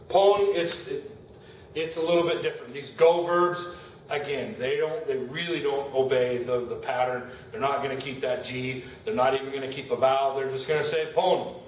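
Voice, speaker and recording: A man's voice: mid-range voice, unhurried. Echoey, distant male Spanish teacher. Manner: casual, talks while writing on a board. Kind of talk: classroom grammar explanation. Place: classroom. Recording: echoey room, far from the mic, faint noise.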